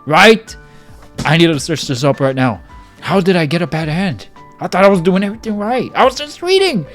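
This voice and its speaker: A man reacting to a visual novel playthrough, excitable, jumping from low mumbling to sudden yells. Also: fairly quick, faint music behind. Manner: excitable, jumps from mumbling to yelling. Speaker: gaming channel host.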